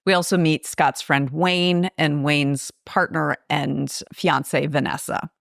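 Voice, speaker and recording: Woman podcast host, chatty plot recapper who acts out quotes, low and gravelly voice. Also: takes it slowly, dry recording, studio quality. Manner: chatty, animated retelling with quoted dialogue. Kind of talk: casual film recap.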